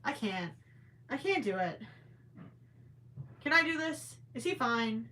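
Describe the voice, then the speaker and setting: On the high side and very animated, a woman's pushed, bright voice moves slowly while she hosts a crochet live stream. She chats and thinks aloud in a casual, stammering way, restarting often, with cracks after hours of talking.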